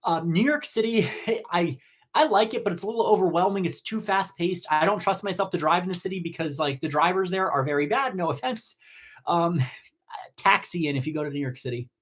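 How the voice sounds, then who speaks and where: A man from New Jersey hosting a casual live-stream Q&A on cosmetology, chatty and rambling, with sudden excited jumps in pitch. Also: fairly quick. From New Jersey, USA. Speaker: cosmetology educator and host. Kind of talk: casual live-stream Q&A reading viewer comments.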